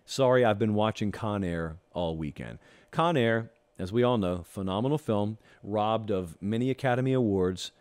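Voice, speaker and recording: A man's voice: fairly low pitch, moderate pace, darkish tone, clean tone. A man hosting a college football talk show, delivering an emphatic, opinionated monologue with sarcastic asides.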